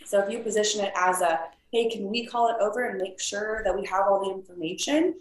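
Measured woman referee in casual chat, mid-pitched, echoey room. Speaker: volleyball referee. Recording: roomy echo.

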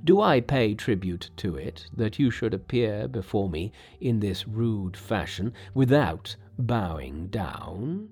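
A cold impostor king, as a male reader puts him on, speaking slowly and quietly, almost in a whisper, with gravel in the voice. His anger stays low and menacing over faint storybook music. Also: lively intonation, full character voice. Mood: angry.

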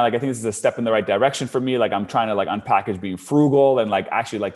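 A young adult man casually telling a long personal story, with lots of "like" fillers and his voice rising when he gets worked up. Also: mid-range voice. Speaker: storyteller guest.

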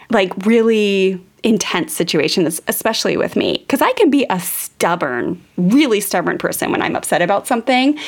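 A woman in her thirties, a parenting educator and host, telling a candid personal story in a chatty way full of fillers. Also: mid-range voice. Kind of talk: casual storytelling monologue.

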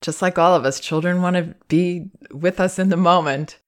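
A woman hosting a parenting advice podcast, talking in a calm, measured, thoughtful way. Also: on the low side.

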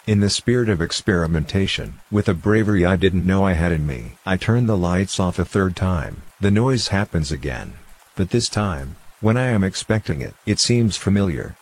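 A man with a very deep, low-pitched voice narrates scary stories. His reading is steady and measured, laying out each tale in a calm, even way.

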